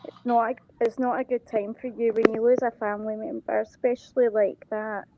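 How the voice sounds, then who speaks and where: A woman's voice: on the high side, little pitch movement, brisk, noisy background. A woman, speaking in a supportive, reassuring way on a call. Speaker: guest on a call. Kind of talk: casual chat. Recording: dull lo-fi call audio.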